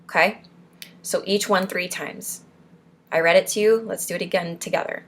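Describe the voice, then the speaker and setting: With a fairly low, slightly bright voice, fairly even intonation, and a moderate pace, a young support-group speech coach runs a casual lesson. She has everyone drill syllables and tongue twisters out loud, laughing softly between rounds.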